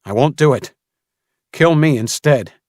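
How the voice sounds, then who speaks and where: Audiobook hero: a desperate, defiant young boy, pitched up and urgent, as a man puts him on. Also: a little slow, darkish tone, dry recording, clean studio sound, lightly acted. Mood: pleading. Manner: desperate pleading. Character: defiant young boy pleading for his friends.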